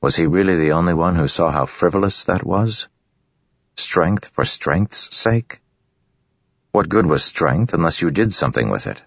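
Male audiobook narrator with a gravelly bass voice and a dry, dull sound; reads steadily. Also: moderate pace, dry recording. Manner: steady, even storytelling. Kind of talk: scripted fantasy narration.

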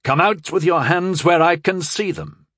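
A man's voice: fairly high pitch, expressive, normal speed, dry recording, clean studio sound, voice pushed up. A man voicing a stern young male knight mage who barks brusque military commands. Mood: commanding.

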